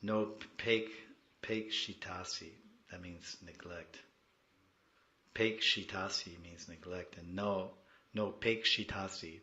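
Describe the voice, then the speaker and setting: A man giving a devotional class, moving between soft storytelling and loud, pleading prayers. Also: deep voice, steady tone, slow, echoey room, dull audio.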